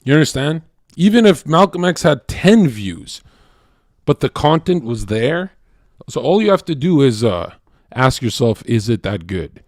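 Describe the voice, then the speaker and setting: Profane, animated man ranting on stream. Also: mid-range voice, measured pace, dry recording, studio quality. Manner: animated, profane, swings between loud rants and quiet asides. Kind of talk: casual stream monologue.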